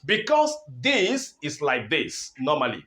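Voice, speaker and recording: A man's voice: on the high side, wildly swooping pitch, slow pace, pushed and bright. A man teaching an online exam-prep lesson, explaining step by step, repeating points and checking in with "okay?". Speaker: English teacher.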